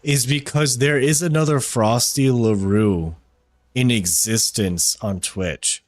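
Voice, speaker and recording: Chatting with his audience and a friend during a casual game stream, this man rambles, curses, and pokes fun at himself. His voice is lowish, and the recording has no echo.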